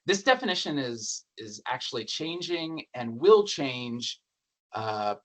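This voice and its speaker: A man presents findings from an education research report at an academic forum. His voice sits at an ordinary middle pitch, and his delivery is relaxed and conversational, with the odd dry aside. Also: slow.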